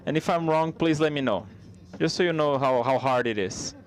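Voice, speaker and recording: A man with a slightly high voice gives a live spoken interpretation of a stand-up comedy set. He sounds conversational and halting, with frequent restarts.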